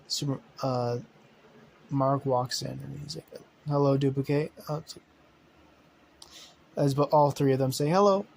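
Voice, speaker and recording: A man's voice: mid-range voice, darkish tone, slight background noise, low-quality recording. A man casually narrating an improvised superhero story, rambling with many fillers, self-corrections and swearing.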